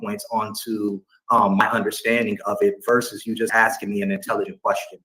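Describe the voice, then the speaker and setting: A man speaking calmly and deliberately in a debate clip, choosing formal words. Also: on the low side, low-quality recording. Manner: calm, deliberate, formal wording. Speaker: debate guest. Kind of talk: measured debate speech in a played clip.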